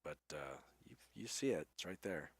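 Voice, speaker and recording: A man narrating as game master of a tabletop game, describing scenes in an unhurried, hesitant way with frequent fillers. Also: deep voice, lively intonation, gravelly, husky.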